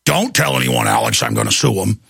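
A man impersonating a gruff, furious middle-aged man who grumbles low and clipped in a controlled rage. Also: wildly swooping pitch, fairly quick, a bit bright, dry recording, studio quality, heavily acted. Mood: seething.

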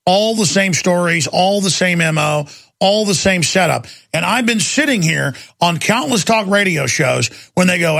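Gravelly ranting radio host man. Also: high-pitched, animated, moderate pace, fairly bright tone. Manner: ranting, emphatic, repeats key words. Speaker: radio talk show host. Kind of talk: talk radio monologue.

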